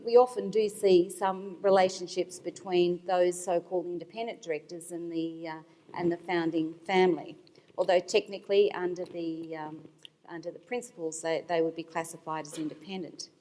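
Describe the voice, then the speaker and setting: A woman panelist speaking as an institutional investor, explaining her points in a measured way with some fillers, at a conference. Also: on the low side, a little mellow. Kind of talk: panel discussion remarks. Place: conference hall. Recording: long hall reverb. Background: hall reverb.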